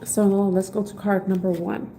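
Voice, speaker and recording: A woman's voice: mid-range voice, flat delivery, normal speed, creaky, dark tone, a little hiss or hum, rough recording. A woman giving a live-streamed tarot reading in a casual, heartfelt way. She reads passages from an oracle book and then explains them in her own words. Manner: casual, heartfelt, spiritual encouragement. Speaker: tarot reader.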